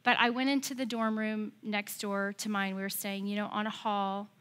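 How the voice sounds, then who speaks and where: A woman's voice: mid-range voice, level tone, normal speed, fairly bright tone. A middle-aged American woman pastor preaching a sermon, telling a personal story and building to passionate exhortation.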